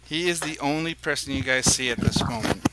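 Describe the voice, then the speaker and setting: A man's voice: mid-range voice, brisk, a crowd in the background, rough recording. A man narrating as dungeon master in a tabletop game, describing scenes in a rambling, hesitant way with many fillers.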